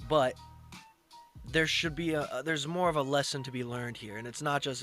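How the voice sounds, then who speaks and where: A man's voice: medium pitch, steady tone, fairly quick, a bit bright, soft background music. A man giving casual, blunt commentary on a clip, lecturing and swearing now and then. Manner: lecturing, blunt, profane asides.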